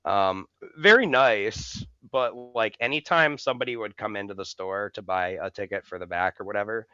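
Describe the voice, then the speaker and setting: A man's voice: lowish voice, moderate pace, bright, forceful tone, clear, resonant tone, lo-fi sound. A man co-hosting a podcast, telling rambling, profane stories in casual chat and laughing as he goes. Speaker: podcast co-host. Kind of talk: casual storytelling.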